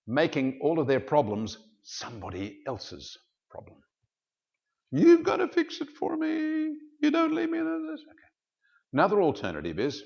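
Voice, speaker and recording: A man preaching a teaching sermon as a pastor, telling a story in an animated way. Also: medium pitch. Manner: animated storyteller, shifts into character voices. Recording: dull lo-fi sound.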